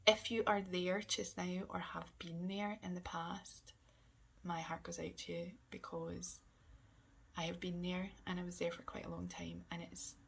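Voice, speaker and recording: A woman talking candidly in a personal vlog, hesitant and halting, often sinking to a soft near-whisper. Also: lowish voice, little pitch movement, vocal fry, husky. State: emotional. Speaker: vlogger.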